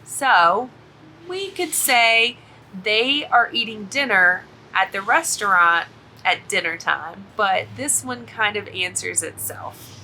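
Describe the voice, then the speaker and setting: A woman teaching an English grammar lesson in a clear, encouraging, scripted delivery. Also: mid-range voice, animated, slow pace, background noise.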